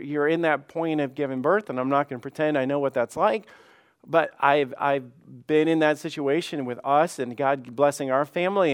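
A man's voice: fairly high pitch, smooth. A man preaching a sermon as pastor in a conversational way, often repeating words and acting out quoted voices.

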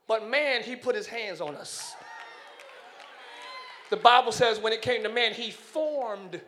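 High-voiced man preaching with shouting energy. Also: unhurried, slight background noise. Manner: energetic, shouting, call-and-response. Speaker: pastor. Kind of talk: sermon. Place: church, live service.

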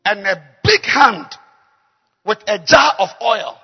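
A man preaching a sermon as a pastor, dropping to low murmurs and rising to high shouts. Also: very animated, slow pace, slightly rough. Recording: long hall reverb.

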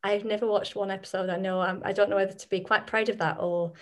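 A woman from the north of England with a softened Northern English accent, chatting casually as a podcast guest, laughing often and joking about herself. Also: medium pitch, steady tone, fast talker. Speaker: guest, brand strategist.

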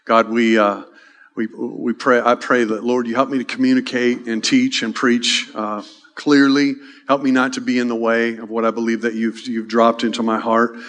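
A pastor introducing a testimony and praying, speaking casually with halting starts and many fillers. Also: male voice, mid-range voice, level tone, fairly bright tone. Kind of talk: sermon and prayer.

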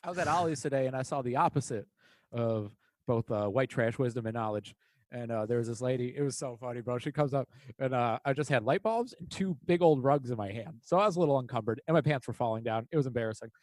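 A man chatting casually and telling animated, profane stories, talking in quick bursts. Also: medium pitch, no room sound. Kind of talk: casual chat, storytelling.

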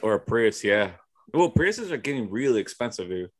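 A man co-hosting a casual podcast, animated and laughing, with "dude" in every other sentence. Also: on the low side, normal speed. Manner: animated, says "dude" a lot, laughs often. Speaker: podcast co-host. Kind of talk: casual chat.

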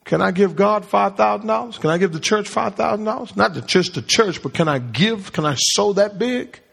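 This pastor's voice is high-pitched, animated, gravelly, slightly bright and breathy, at a moderate pace. He preaches to his congregation in call-and-response, quizzing them along the way, amid the sanctuary's long hall reverb.

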